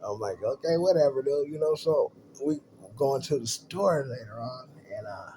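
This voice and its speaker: A man's voice: medium pitch, moderate pace, a little hiss or hum. A man telling a story in a casual, slangy, profane way, acting out what others said. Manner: animated, profane and slangy, acts out quotes.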